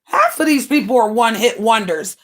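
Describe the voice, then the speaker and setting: A woman streamer in a brash, profane rant, mocking rivals and swinging between loud jabs and low mutters. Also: lively intonation, brisk. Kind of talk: ranting livestream monologue.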